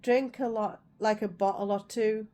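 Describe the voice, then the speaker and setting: Woman, middle-aged, casual vlog chat, rambling, warm mellow tone, faint background noise. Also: medium pitch, fairly even intonation, a little slow. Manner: rambling, repeats herself, chatty. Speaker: vlogger.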